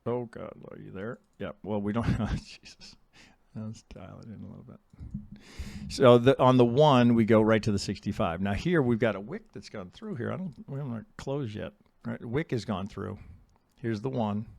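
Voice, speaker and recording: A middle-aged man casually teaching chart analysis as a trading educator, talking bluntly, swearing and mocking traders in quick put-on voices. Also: fairly low pitch, creaky, darkish tone, dry recording.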